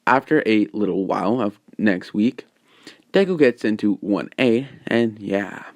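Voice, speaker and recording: A man's voice: fairly low pitch, a little slow, darkish tone, dry recording. A man casually retelling a fan story, rambling with lots of fillers.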